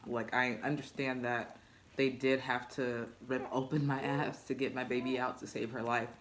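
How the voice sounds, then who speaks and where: A young woman, a new mother, chatting casually in a vlog with a deep, low voice, laughing often as she talks. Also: flat delivery, moderate pace, slight background noise. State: recovering after childbirth.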